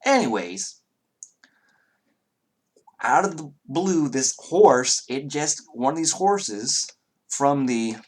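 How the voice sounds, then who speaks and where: A man's voice: mid-range voice, animated, takes it slowly, long pauses, pitched above the performer's own voice. A man voicing a cheerful young lord of a horse town with a put-on Southern US accent, folksy and rambling.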